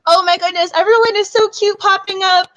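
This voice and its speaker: A woman's voice: very high voice, steady tone, a little fast, a bit bright, muffled recording, a little hiss or hum. A woman hosting a book club live stream in casual chat, bubbly and gushing, close to tears with emotion. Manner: bubbly, gushing, laughs often.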